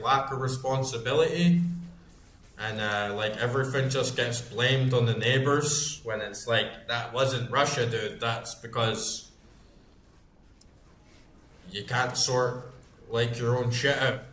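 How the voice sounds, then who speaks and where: A man's voice: medium pitch, a bit bright, slight background noise. A man in his thirties, a gaming streamer, rambling and ranting in casual chat, full of fillers. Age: 30s. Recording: roomy echo.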